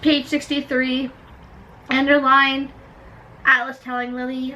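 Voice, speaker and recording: A woman's voice: sits high, moderate pace, a bit bright, low-quality recording. A young woman talking casually in a book vlog, chatty and full of "like". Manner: chatty, fills talk with "like". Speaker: book vlogger. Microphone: camera propped up without tripod.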